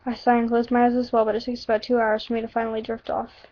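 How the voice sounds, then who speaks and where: A woman's voice: on the high side, monotone, quick pace, warm tone. A woman reading a story aloud, tossing in casual asides and fixing her own slips, on a dull lo-fi recording. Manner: casual asides and self-corrections. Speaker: reader.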